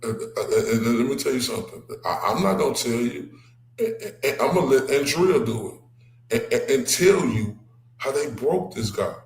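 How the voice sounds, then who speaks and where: A man's voice: mid-range voice, expressive, moderate pace. A man hosting a show, ranting with heated, profane reactions to clips he plays. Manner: heated, cursing, repetitive. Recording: roomy echo.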